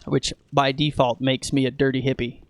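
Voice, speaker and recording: A man's voice: mid-range voice, flat delivery, moderate pace. A young man from Texas chatting casually and joking with profanity while playing a game. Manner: joking, profane, laid-back. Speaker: gaming streamer. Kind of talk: casual chat while gaming.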